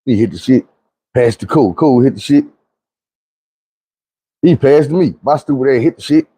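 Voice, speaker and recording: A man telling a long, profane, slang-heavy story from his youth in a lively, animated way. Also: medium pitch, normal speed, breathy edge. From Arkansas. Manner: animated, slangy, acts out quoted friends.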